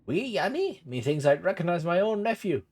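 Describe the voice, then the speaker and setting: A man's voice: high-pitched, sing-song, normal speed, a little mellow, voice pushed up, exaggerated voice. A man voicing an eccentric old male gnome uncle who talks in an archaic folksy way. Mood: excited. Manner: archaic folksy speech with ye and aye.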